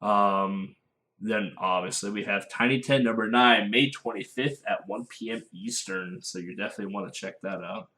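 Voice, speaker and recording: A man's voice: fairly low pitch, normal speed, sharp tone. A man co-hosting a casual podcast, joking and laughing often as he talks through upcoming speedrun events. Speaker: podcast co-host. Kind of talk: casual chat.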